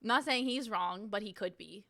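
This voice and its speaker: A woman's voice: mid-range voice, normal speed, fairly bright tone, no echo, clean studio sound. A young woman streamer in casual chat, reading viewer messages aloud and reacting in a chatty, giggly way.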